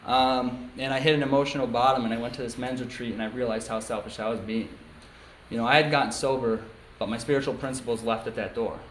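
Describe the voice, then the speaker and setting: In an echoey meeting room with faint hiss, a young man from upstate New York gives an honest testimony at a recovery meeting. His mid-range voice is steady and fast, and he peppers his story with ums and likes.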